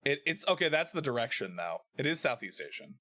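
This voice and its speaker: Animated young man, lively streamer. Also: mid-range voice, fairly quick. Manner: animated, laughs often, playful. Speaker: streamer host. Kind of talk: casual stream chat.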